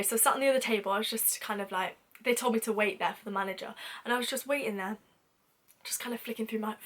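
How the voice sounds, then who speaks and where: Chatty young British woman, high voice. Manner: animated, chatty, self-mocking. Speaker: vlogger. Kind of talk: storytime vlog.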